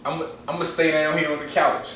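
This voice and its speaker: A man telling a personal story in casual chat, animated and full of slang and repetition. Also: a little high, a little fast, slight background noise. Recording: echoey room, far from mic.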